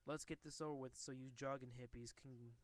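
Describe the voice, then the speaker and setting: A man's voice: mid-range voice, a little fast, close to an everyday voice. A man reading a grumpy scornful older official. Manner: flat read-out dialogue, barely acted. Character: gruff grumpy older male mayor.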